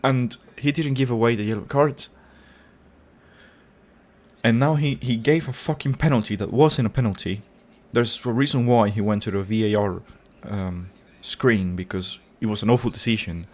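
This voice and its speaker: Hosting a football fan channel, a man reacts to a match live with an angry rant full of swearing and repeated words. His voice is mid-range and he speaks at normal speed.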